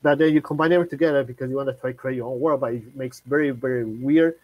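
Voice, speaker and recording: Halting male live-stream host, dry sound. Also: mid-range voice, steady tone, no echo, lo-fi sound. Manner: halting, many fillers and restarts.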